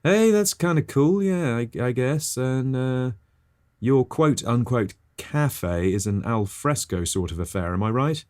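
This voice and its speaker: A man's voice: mid-range voice, animated, measured pace, a little mellow, no room sound, clean studio sound. A man hosting a comic podcast, talking in a chirpy, eager and over-apologetic way. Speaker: podcast host. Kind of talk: comic scripted host patter.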